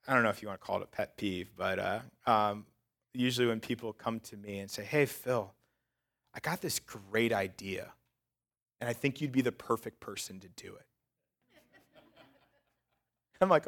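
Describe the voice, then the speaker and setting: A man, a church pastor, preaching in a conversational way that builds to loud, emphatic peaks. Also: fairly low pitch, a little slow, vocal fry, long pauses. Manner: self-described sarcastic. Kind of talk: sermon.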